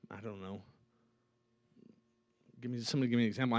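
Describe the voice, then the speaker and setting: A man preaching as a pastor, in a conversational and animated style, often checking in with "right?". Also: medium pitch, fairly quick, pauses often. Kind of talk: sermon. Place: church auditorium.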